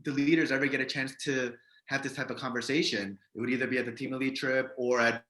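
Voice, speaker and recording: Bright-voiced American man on a roomy call. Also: mid-range voice, fast. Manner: relaxed, laughs often, trails off with "so". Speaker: guest, business leader. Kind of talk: casual video-call interview. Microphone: video call. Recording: roomy echo.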